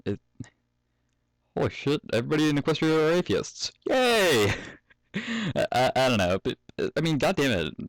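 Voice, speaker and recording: A man's voice: fairly high pitch, big pitch swings, moderate pace, pauses often, dry recording, poor audio. A young man reading a fan story aloud at home, often breaking off to joke, swear and laugh. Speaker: fanfic reader. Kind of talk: casual story reading with asides.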